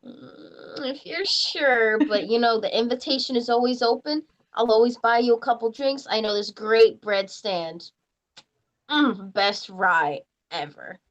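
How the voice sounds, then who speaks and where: A woman's voice: on the high side, unhurried, lightly acted. A woman voicing a carefree female Shadar-Kai adventurer in a tabletop game, talking in a breezy, teasing way. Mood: coaxing.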